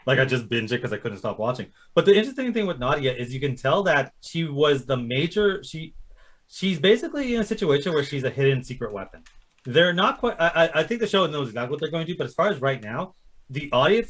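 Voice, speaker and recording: A man's voice: mid-range voice, a bit bright. A man co-hosting a casual TV recap podcast, swearing freely and acting out characters' lines as he talks. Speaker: podcast co-host. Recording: livestream podcast.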